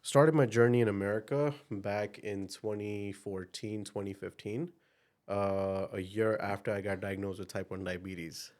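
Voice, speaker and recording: A young man from India with an Indian accent, a podcast guest telling his story in an upbeat, energetic way with plenty of fillers. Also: on the low side, unhurried. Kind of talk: casual interview chat.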